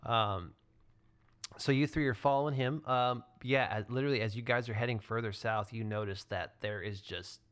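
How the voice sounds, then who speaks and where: A man narrating as game master in a tabletop game, relaxed and full of fillers and restarts. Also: medium pitch, normal speed.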